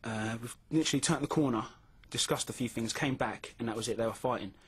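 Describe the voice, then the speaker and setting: A man's voice: medium pitch, fast, a little hiss or hum. A man frankly telling his story in an informal interview, with many fillers. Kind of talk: testimony interview.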